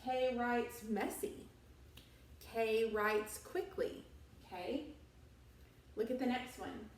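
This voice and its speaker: A woman teaching an elementary school lesson for remote students, slow and patient, recorded on a tablet in a classroom. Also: a little high, distant mic, slight background noise. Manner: slow, patient, drawn-out instructional delivery. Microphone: tablet device recording. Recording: echoey room, voice off-mic.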